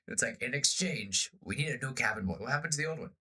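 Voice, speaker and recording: A man co-hosting a podcast, pitching a story idea in casual chat and acting out pirate lines in bursts. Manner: animated, acts out pirate lines in quick bursts. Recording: slightly off-sounding podcast audio.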